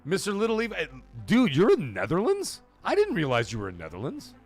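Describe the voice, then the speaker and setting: A man's voice: high voice, huge pitch swings, fairly quick, breathy edge, soft background music. A man hosting a casual livestream from a home game room, rambling, swearing, laughing often and reading chat aloud. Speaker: livestream host.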